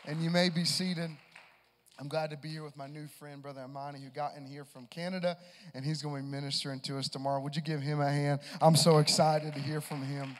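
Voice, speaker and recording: A man preaching a sermon, moving from easy conversational talk to shouted exhortation. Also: fairly high pitch. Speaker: pastor. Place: church sanctuary. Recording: long hall reverb with music. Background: live guitar and keys.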